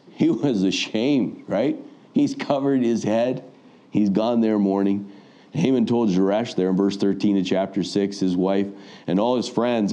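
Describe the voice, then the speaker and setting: A man's voice: fairly low pitch, warm tone. A man preaching a sermon, retelling a Bible story and acting out the voices of the people in it. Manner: storytelling, acts out quoted voices.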